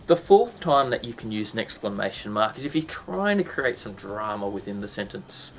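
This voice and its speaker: A man's voice: fairly low pitch, sing-song, moderate pace, a little hiss or hum. A man teaching a casual lesson, chatty and full of ums and restarts, breaking into sound effects.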